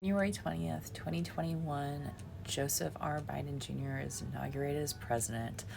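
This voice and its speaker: A woman's voice: low voice, fairly even intonation, moderate pace, creaky, background noise. A woman vlogger recording a heartfelt voiceover over her footage, often teary and emotional as she talks. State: teary, crying at times. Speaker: planner vlogger. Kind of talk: vlog voiceover.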